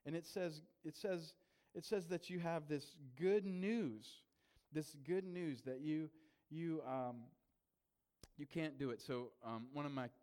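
A man, a pastor, giving a conversational sermon with lively storytelling and frequent asides to the congregation. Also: a little high, unhurried, smooth.

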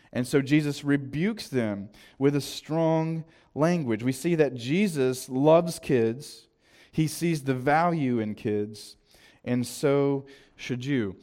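A man with a Southern American accent, preaching a sermon in a conversational way, with quick asides and restarts. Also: a little high. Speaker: pastor.

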